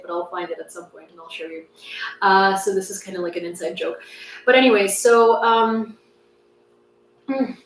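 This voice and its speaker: A young Ukrainian woman hosts a casual news livestream, rambling and saying "like" a lot. Her voice is on the low side. The sound is roomy from a distant mic, with slight background noise and faint ambience.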